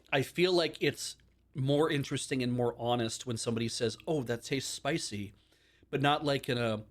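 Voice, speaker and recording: A man running a live stream talks casually and wanders from point to point, lively throughout. He uses a mid-range voice and dramatizes short exchanges in fast voices.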